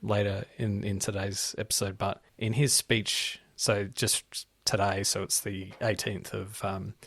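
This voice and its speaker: Man, podcast co-host, gravelly, casual political chat, rambling with "like" fillers. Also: fairly low pitch, level tone, unhurried, fairly bright tone, no echo. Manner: rambling, leans on "like" and "right?".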